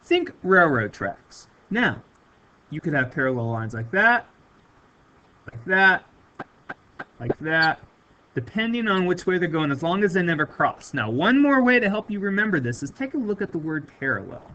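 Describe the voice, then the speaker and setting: A man's voice: fairly high pitch, very animated, moderate pace, pushed and bright, highs cut off. A man teaching a recorded math lesson, stressing and repeating key words for his students.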